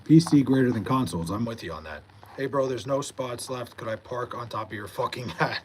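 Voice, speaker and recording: A man's voice: mid-range voice, a little fast, slight background noise, low-quality recording. Laid-back streamer man from New York. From Long Island, New York. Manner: reads viewer messages aloud, laid-back, swears freely. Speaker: live streamer. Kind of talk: casual live-stream chat Q&A.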